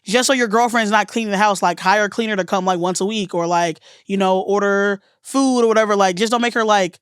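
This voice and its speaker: A woman's voice: mid-range voice, a little fast, clear, resonant tone, no echo, studio quality. A woman guest co-hosting a podcast, chatting casually, laughing and swearing through rambling opinions. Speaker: guest co-host.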